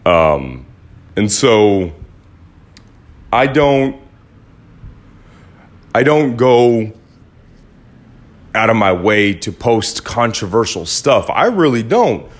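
A man's voice: lowish voice, drawn-out words, long pauses. A man hosting his own podcast, talking in a blunt, casual monologue with some swearing. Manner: blunt, swears, animated when quoting others. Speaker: podcast host. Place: Los Angeles.

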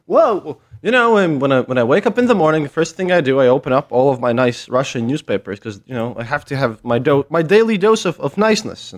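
A man chatting as a podcast guest over a voice call, halting and full of restarts, with a joking tone. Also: medium pitch, animated. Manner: halting, restarts often, jokey. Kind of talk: casual chat over a call.

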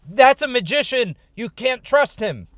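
A man's voice: a little high, expressive, a little slow, no room sound. A man voicing a stubborn grown biblical patriarch who talks in a chatty, modern, emphatic way. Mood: alarmed.

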